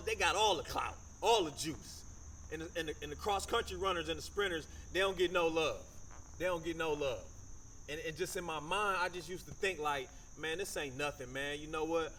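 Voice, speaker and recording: A man's voice: sits high, a bit bright, slight background noise. A man from Michigan giving a motivational talk, telling a personal story in a casual, conversational way and using slang. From Michigan, USA. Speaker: motivational speaker.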